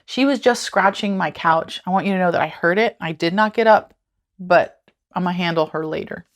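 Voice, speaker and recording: A woman's voice: fairly low pitch, a little fast. A woman teaching a devotional lesson in an earnest, conversational way, repeating phrases for emphasis.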